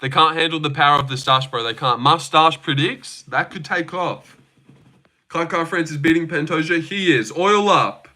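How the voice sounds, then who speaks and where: A man's voice: a little high, pushed and bright. A young man hosting a casual live stream from his phone, joking, swearing now and then and answering chat comments.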